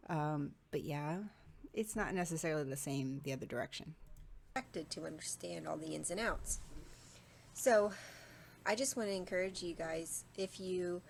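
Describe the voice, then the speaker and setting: A woman with a low, fairly deep voice talks straight to her audience in a relaxed vlog monologue. She thinks out loud, circling back and filling pauses with frequent ums. A faint hiss sits under her voice. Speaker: vlogger. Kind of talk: casual talking-head monologue.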